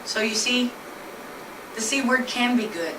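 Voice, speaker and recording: Her voice sits on the high side and her pace is unhurried as a woman shares the story of her husband's illness, earnest and plain in manner. This personal storytelling presentation is captured from afar in a noisy room full of echo.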